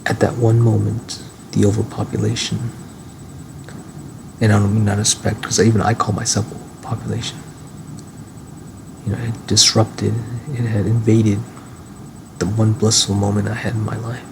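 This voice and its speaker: A man's voice: on the low side, flat delivery, moderate pace, vocal fry, pauses often. A man rambling through a personal monologue in a musing way, often restarting and now and then swearing. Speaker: vlogger. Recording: noisy ambient recording.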